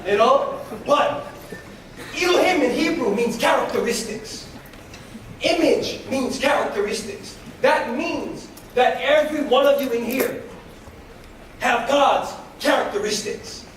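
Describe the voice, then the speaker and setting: Motivational speaker, a man with a very high voice, preaching fervently and shouting at times, recorded from afar in an echoey school hall. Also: measured pace, distant mic, slight background noise. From United States. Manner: fervent, leads call-and-response, breaks into shouts. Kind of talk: preaching inspirational talk. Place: school hall before a live audience.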